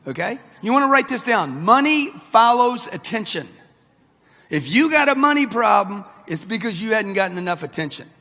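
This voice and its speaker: Brash 60 yr old guy hyping up a crowd, husky highish voice, big echoey hall. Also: sing-song, moderate pace, bright, forceful tone. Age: 60s. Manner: brash, punchy, addresses the crowd directly. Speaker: motivational speaker. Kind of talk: live motivational talk to an audience. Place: large event hall with an audience. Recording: long reverb of a big hall.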